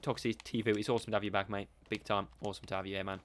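A man's voice: fairly low pitch, little pitch movement, rapid-fire, a little hiss or hum. A man streaming a shooter game live, chatting with his teammate and thanking viewers, calling everyone mate and bro. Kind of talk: live game commentary with viewer shout-outs.

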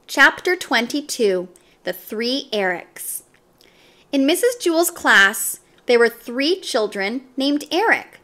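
A woman reading a children's chapter book aloud, with expressive, animated narration. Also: high-pitched, takes it slowly. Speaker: storybook reader.

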